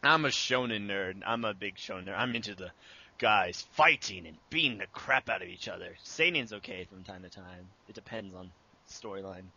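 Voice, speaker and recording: A man's voice: lowish voice, animated, moderate pace, pushed and bright, highs cut off. A young man answering interview questions about making his abridged series, casual and rambling with many fillers.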